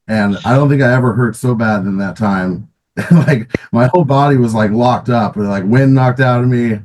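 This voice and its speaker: A man's voice: mid-range voice, normal speed, darkish tone, a little hiss or hum, rough recording. A middle-aged man, a former pro hockey player, casually telling stories in an interview with many restarts and fillers, often laughing.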